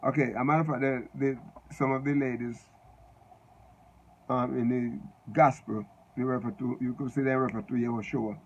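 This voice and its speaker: A man giving unscripted Bible teaching, halting and repeating words as he spells out Hebrew letters. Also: medium pitch, poor audio.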